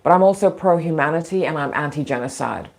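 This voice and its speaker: A woman's voice: deep voice, quick pace, vocal fry, a little mellow. Frank, rambling woman with a scratchy throat. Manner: frank, opinionated, digressive, laughs often. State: throat irritation, occasional coughing. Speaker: podcast host. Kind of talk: casual rambling monologue.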